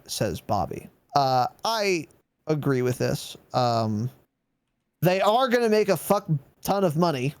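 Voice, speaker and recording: A man's voice: on the high side, sing-song, slow pace, clean tone. A man co-hosting a gaming podcast in casual chat, sarcastic and swearing freely as he mocks corporate statements. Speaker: podcast co-host.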